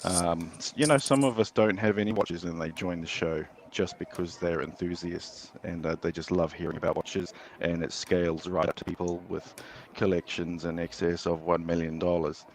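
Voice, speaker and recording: A man's voice: sits low, steady tone, normal speed, few pauses, a little hiss or hum. A man calling into a live stream, talking casually and rambling with many fillers. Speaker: guest caller.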